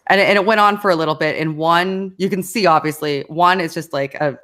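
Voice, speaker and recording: A woman's voice: low voice, steady tone, fast talker, hardly any pauses, a bit bright. A woman as an interview guest, talking casually in a rambling way with fillers, restarts and frequent laughs. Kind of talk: casual conversation.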